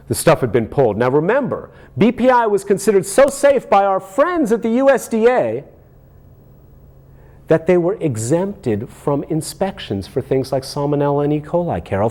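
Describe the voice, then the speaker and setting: Brief: fired-up male host, slightly high voice, lively swooping delivery, sarcastic rant. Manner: indignant, sarcastic, rhetorical questions. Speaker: podcast host. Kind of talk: ranting commentary.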